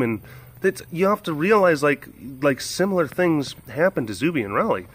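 Playful, lively man rambling casually. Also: fairly high pitch, a little fast. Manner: playful, rambling, baby-talks to animals. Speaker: sanctuary keeper and vlog host. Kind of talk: casual vlog chat.

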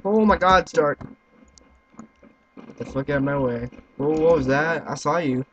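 A young man giving let's-play commentary, excitable, swearing and yelling at other players. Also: on the high side, measured pace. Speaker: gaming YouTuber. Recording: slightly muffled with faint noise.

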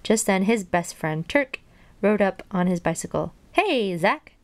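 A woman's voice: fairly low pitch, moderate pace, no echo. Woman reading a storybook aloud. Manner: plain, gentle read-aloud with casual asides. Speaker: storybook reader. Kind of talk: reading a children's book aloud.

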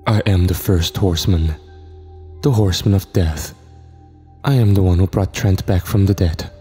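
The Horseman of Death speaks slowly and with grave authority, as a man reads him. The voice is very low and dark. A reverberant hall and faint music surround it. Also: breathy edge. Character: commanding Horseman of Death, ancient spirit.

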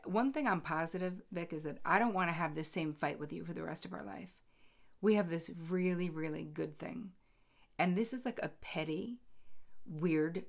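A middle-aged woman with a somewhat low voice tells a personal story with candid, animated energy. She acts out both sides of an argument as she goes. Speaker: host. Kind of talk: casual storytelling monologue.

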